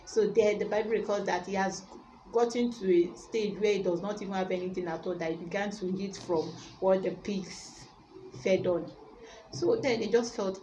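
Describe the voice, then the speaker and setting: A woman's voice: mid-range voice, moderate pace, background noise. A woman preacher giving a sermon, retelling a Bible story and urging her listeners with emphatic repetition.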